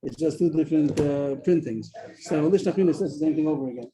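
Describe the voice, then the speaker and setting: A man teaching a daily Talmud class over a video call, explaining quickly and often restarting his sentences. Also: a little high, warm tone, rough recording.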